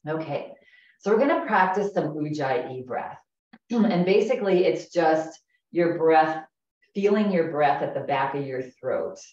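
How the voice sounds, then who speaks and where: Low-voiced woman guiding chair yoga. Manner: calm, gentle, slow breathing cues. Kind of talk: guided yoga class instruction. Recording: echoey, distant, dull room recording.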